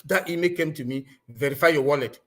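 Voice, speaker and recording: High-voiced man giving earnest warnings. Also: fast talker. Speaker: meeting speaker. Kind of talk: online group call.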